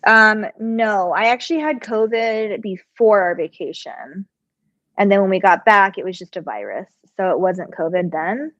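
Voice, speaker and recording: A woman's voice: medium pitch, normal speed, fairly bright tone, no room sound. A middle-aged woman chatting casually on a live stream while she sews, answering viewer questions, her voice a little congested and muffled. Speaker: sewing channel host.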